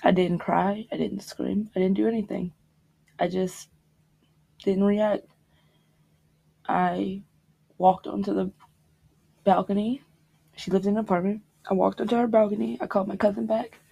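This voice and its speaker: Gravelly-voiced young woman recounting a loss. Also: mid-range voice, level tone, mellow. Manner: halting and reflective, with pauses and restarts. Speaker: podcast guest. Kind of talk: personal storytelling about grief.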